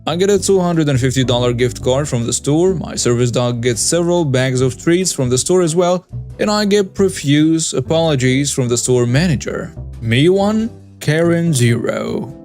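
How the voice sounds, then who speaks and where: A man narrating scripted stories for a story channel at a steady, even pace. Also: on the high side, normal speed. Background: faint background music.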